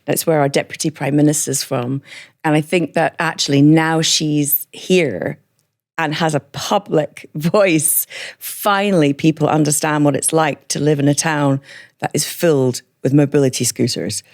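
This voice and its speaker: A woman from northern England with a hybrid northern English and Scottish accent, talking frankly as a podcast guest, chatty and quick to laugh. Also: low-pitched, fairly even intonation. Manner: frank, chatty, laughs often, slows for emphasis. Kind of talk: candid personal interview.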